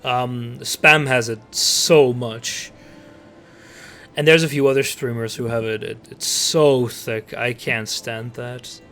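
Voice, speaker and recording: A man's voice: mid-range voice, fairly even intonation, slow, a bit bright. A man with a Dutch accent, a native Dutch speaker, chatting casually on a live stream in rambling talk full of fillers and restarts. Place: home streaming setup.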